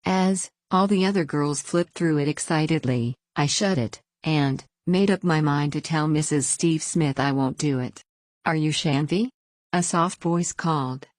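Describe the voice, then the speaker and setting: Female story reader, very low voice, dry close sound, plain even first-person narration. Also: unhurried, few pauses, dry recording.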